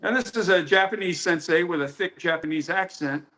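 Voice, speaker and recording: A man with a fairly high voice tells old training stories in a loose, rambling way. He fills the gaps with "uh" and "you know" and acts out what others said. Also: brisk, pushed and bright. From United States. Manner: anecdotal, many fillers, acts out quotes. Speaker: karate instructor. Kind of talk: storytelling interview.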